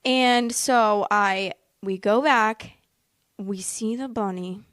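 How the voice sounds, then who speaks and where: A woman's voice: mid-range voice, slow pace, fairly bright tone, dry recording, studio quality. A woman telling a personal story in a casual, rambling way, packed with fillers and emotional asides. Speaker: vlogger.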